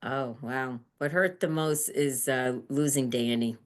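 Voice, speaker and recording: A middle-aged woman answering interview questions gently, halting and restarting as she talks. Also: very deep voice. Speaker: interview guest, end-of-life doula.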